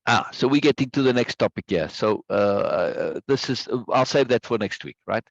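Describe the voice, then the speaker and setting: A man's voice: mid-range voice, lively intonation, normal speed, creaky, no echo, lo-fi sound. A man teaching a live online course, talking conversationally, repeating words for emphasis and often checking in with "right?". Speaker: course instructor. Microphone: video call microphone.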